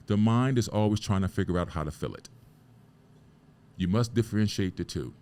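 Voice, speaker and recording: A male podcast host speaks in a lowish, warm voice at a moderate pace. His talk is emphatic, preachy motivation full of rhetorical questions and offhand swearing.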